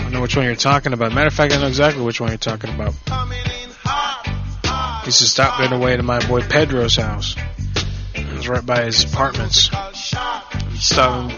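A man's voice: mid-range voice, lo-fi sound. A man hosting a radio show and making prank calls, talking in a brash, needling, profane way. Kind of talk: crude radio banter. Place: radio studio.

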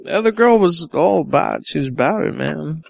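Man, prank caller, crude, teasing, sweet-talking, fairly high voice. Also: animated, fairly quick, gravelly, no echo. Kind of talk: crude prank phone call.

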